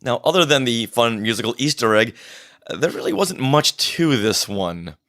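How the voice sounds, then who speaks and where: A man co-hosting a podcast in casual chat, measured and thoughtful. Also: mid-range voice, lively intonation, fairly bright tone, a little hiss or hum. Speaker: podcast co-host.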